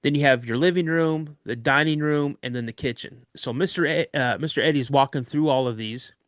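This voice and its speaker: A man's voice: a little high, a little fast, fairly bright tone, no room sound, clean studio sound. A man, a podcast guest, vividly recounting a frightening personal story. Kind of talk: recounting a scary true story.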